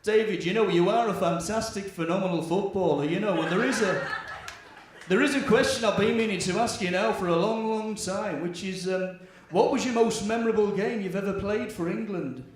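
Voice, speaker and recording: A man's voice: high voice, a little fast, pitched below the performer's own voice, natural voice. A man impersonating an earnest male celebrity interviewing a footballer. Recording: echoey comedy club.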